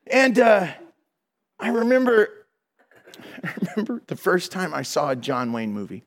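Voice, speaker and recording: A man preaching a sermon, telling funny stories in an animated way and laughing along with his congregation. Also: high voice, unhurried, long pauses. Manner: animated, humorous, laughs between lines. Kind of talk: sermon with storytelling.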